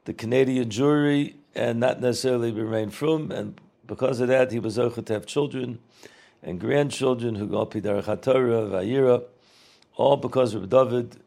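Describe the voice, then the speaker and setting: Recalling a rabbi, this middle-aged storyteller speaks in a dark, gravelly mid-range voice. His casual reminiscence wanders and repeats itself, mixed with Yiddish and Hebrew words.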